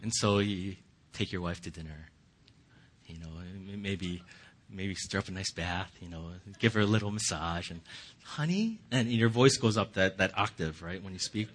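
A man's voice: low-pitched, steady tone, moderate pace, a bit bright. A man giving a casual, conversational sermon, often chuckling and restarting his sentences. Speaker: pastor.

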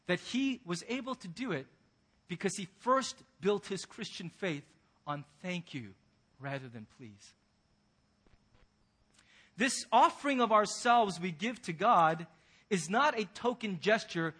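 A man preaching a sermon in a very high, bright, forceful voice with a husky edge. He speaks earnestly as a pastor, pressing his congregation with one pointed question after another.

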